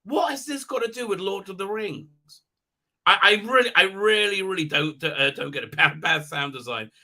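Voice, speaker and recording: Middle-aged male livestream host, rambling casual chat, sharp tense tone, slightly high voice. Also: moderate pace. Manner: rambling, animated, with many restarts. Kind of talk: casual live-stream chat, reading viewer comments.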